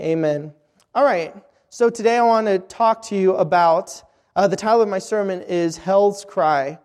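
A man with a high-sitting, darkish voice delivers an earnest sermon at a missions conference, recorded in a reverberant church hall. He frequently restarts his phrases, repeating words as he does.

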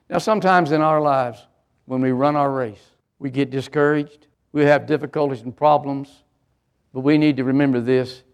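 A man's voice: mid-range voice, steady tone, moderate pace, vocal fry, smooth. An older man, a pastor, preaching a sermon with an emphatic, repetitive cadence.

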